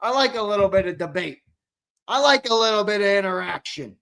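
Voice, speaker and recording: A man's voice: high-pitched, animated, brisk, creaky, pushed and bright. Brash, profane man hosting a livestream. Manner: brash and profane, with trash talk; reads out and answers the live chat. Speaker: sports show host. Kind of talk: casual livestream chat.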